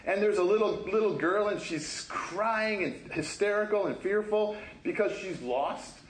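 A man preaching a sermon in a conversational, animated way, acting out quoted voices and laughing often. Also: high-pitched, a little slow, roomy sound, slight background noise, rough recording. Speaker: pastor. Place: church sanctuary.

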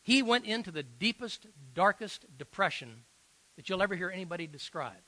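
Emphatic high-voiced male preacher. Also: animated, normal speed, sharp tone, low-quality recording. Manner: earnest, emphatic, with frequent fillers and restarts. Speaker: pastor. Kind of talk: sermon storytelling.

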